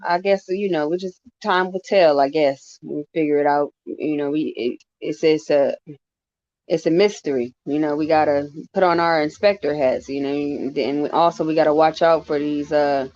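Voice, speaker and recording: A man on a casual stream chat, talking in a halting, rambling way with many restarts and wry jokes. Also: fairly high pitch, fairly even intonation, darkish tone, no room sound, highs cut off.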